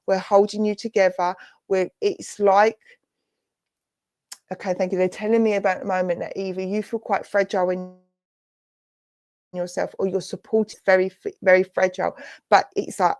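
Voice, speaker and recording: An English woman giving a gentle, reassuring clairvoyant reading as a spiritualist medium during an online church service. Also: medium pitch, little pitch movement, normal speed, no room sound. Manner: soft, reassuring, affectionate, addresses listener as darling and lovely.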